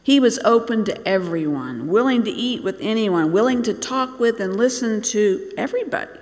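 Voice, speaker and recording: A preacher who grew up in Bangladesh, telling a sermon as a story, slowing down and dropping to near-whispers to make a point. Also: mid-range voice, expressive. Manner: storytelling, slows and drops to near-whispers for emphasis. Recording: long reverb in a large hall.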